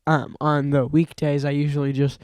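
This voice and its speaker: A man's voice: a little high, level tone, normal speed, a little mellow, no room sound. A young man co-hosting a podcast, giving short, hesitant answers. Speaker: podcast co-host. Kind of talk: casual chat.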